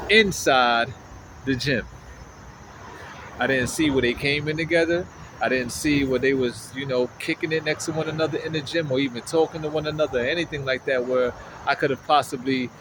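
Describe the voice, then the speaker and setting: A man telling a story in a casual vlog, animated and slangy, often checking in with the listener, outdoors on a city street. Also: medium pitch, a little hiss or hum, poor audio. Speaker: vlogger.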